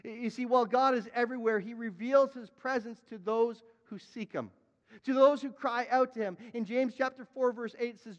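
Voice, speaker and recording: A man preaching a sermon as a pastor, emphatic, repeating his words and now and then crying out loud. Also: very high voice, fairly even intonation, brisk, big-room sound, highs cut off.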